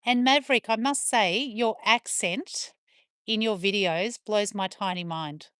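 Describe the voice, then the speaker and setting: A woman's voice: mid-range voice, unhurried, fairly bright tone, no room sound, studio quality. A woman with an Australian accent chatting casually on a live stream from her farm, talking to her viewers and calling to her dogs in turn. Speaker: livestreamer on a farm.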